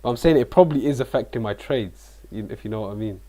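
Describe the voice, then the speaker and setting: A man's voice: medium pitch, fast talker, warm tone. A man hosting a live trading stream, chatty and self-mocking in casual talk. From Britain.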